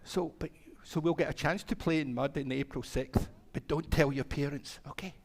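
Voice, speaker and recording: A man telling a story to children during a church service, his voice pitched a little high. He acts out the characters in turn and breaks off to ask the children questions. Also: moderate pace, creaky, a little mellow. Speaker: minister. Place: congregation hall.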